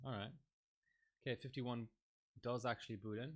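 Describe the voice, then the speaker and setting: A man casually commenting on his livestream, thinking aloud in a halting way with fillers. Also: mid-range voice, fairly even intonation. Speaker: overclocking livestream host.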